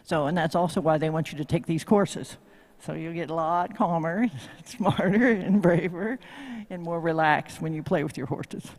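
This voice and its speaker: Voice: medium pitch, normal speed, a little mellow, in a large hall. Folksy Tennessee-accented instructor. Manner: folksy, joking, quizzes the crowd. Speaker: horsemanship instructor. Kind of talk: live demo talk to an audience. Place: live event venue.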